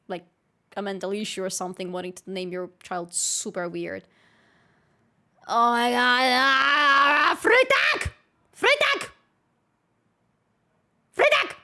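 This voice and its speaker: A woman's voice: on the high side, a bit bright. A young woman chats casually with her livestream audience. She is playful and often bursts into squealing laughter between her remarks. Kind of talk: casual chat with live viewers.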